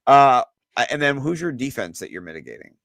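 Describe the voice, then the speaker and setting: A man co-hosting a sports podcast, talking excitedly and loosely, with lots of fillers and some swearing. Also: medium pitch, a little fast, creaky, no room sound. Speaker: podcast co-host. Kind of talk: casual sports chat.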